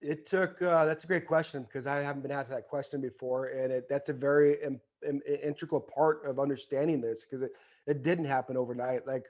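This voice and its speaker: A man in his forties from the United States, a former ballplayer telling his story as an interview guest in a rambling, filler-heavy way that turns into a fervent motivational pitch. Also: fairly even intonation, brisk, a little mellow. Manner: rambling, many fillers and restarts. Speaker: podcast guest, former baseball player.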